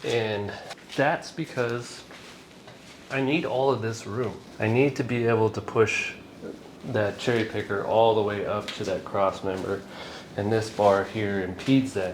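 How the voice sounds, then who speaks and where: A man's voice: lowish voice, steady tone, a little slow, noisy background. A man chatting to the camera while working on a truck in his garage, casual and joking. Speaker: vlogger wrenching on a truck. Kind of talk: casual workshop vlog. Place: home garage or shop.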